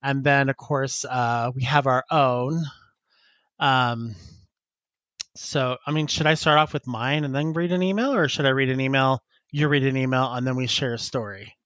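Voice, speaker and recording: A man's voice: medium pitch, moderate pace, a bit bright, no room sound, highs cut off. A man co-hosting a podcast, chatting casually and reading listener emails aloud, laughing often. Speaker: podcast co-host.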